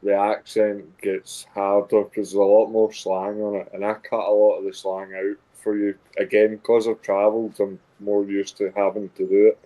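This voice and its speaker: Mellow low Scottish man. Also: level tone, moderate pace, few pauses, poor audio. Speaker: co-player. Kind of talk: casual gaming chat.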